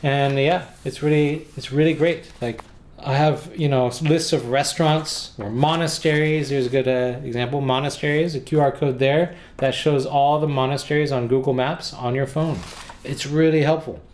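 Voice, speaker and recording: An American man from the United States rambles casually about his travel guidebook in vlog style, cracking sarcastic jokes and restarting often. His mid-range voice is steady and a little mellow, at a normal speed.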